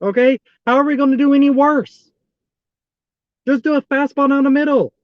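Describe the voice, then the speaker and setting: High-pitched male fan streamer, dry dull lo-fi sound, keeps repeating himself in exasperation. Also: fairly even intonation, normal speed, no echo. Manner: exasperated, repeats the same pleas over and over. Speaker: fan streaming a live baseball watch-along. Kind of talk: live fan commentary.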